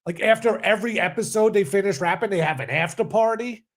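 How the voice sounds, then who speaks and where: A man co-hosting a podcast in casual chat, reacting with quick, incredulous remarks. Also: high voice. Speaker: podcast co-host.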